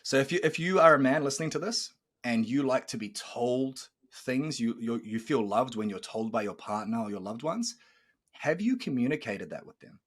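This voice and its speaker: A man's voice: mid-range voice, moderate pace, slightly rough. A man in his thirties hosting a podcast as a coach, telling stories animatedly and acting out quoted dialogue. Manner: animated storyteller, acts out quoted dialogue, swears. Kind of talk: casual podcast chat.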